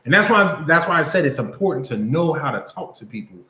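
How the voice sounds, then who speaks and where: A man preaching to a class in an easy, conversational way, stopping often to ask whether his listeners follow him. His voice sits a little high for a man. The room gives his words a noticeable echo. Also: expressive, fast, bright, forceful tone, slight background noise. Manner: conversational preaching, keeps asking "you understand?". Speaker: Bible class teacher. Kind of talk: sermon-style Bible class teaching. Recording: roomy echo.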